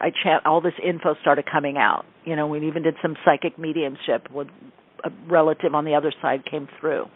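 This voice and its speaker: A woman radio host and psychic medium, telling a spiritual story in casual talk and acting out quoted dialogue with animated shifts. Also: on the low side, no room sound. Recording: tinny phone-like radio broadcast, dry.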